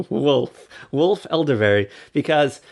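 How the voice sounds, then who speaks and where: A man's voice: mid-range voice, animated, slow pace, darkish tone. A young man co-hosting a podcast, casually recapping an old TV special with jokes, rambling and acting out lines in a raised voice. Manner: rambling, jokey, acts out quotes in raised voices. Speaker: podcast co-host.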